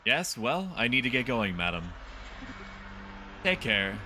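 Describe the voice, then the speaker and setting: A man voicing an apologetic young debt collector in a lowered, solemn voice. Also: big pitch swings, takes it slowly, bright, forceful tone, slight background noise, full character voice.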